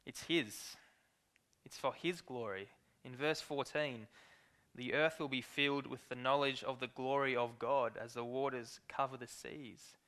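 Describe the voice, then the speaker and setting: Male preacher, mid-pitched voice, earnest, measured sermon delivery. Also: steady tone, fairly bright tone. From Australia. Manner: earnest, measured Bible exposition with read-aloud verses.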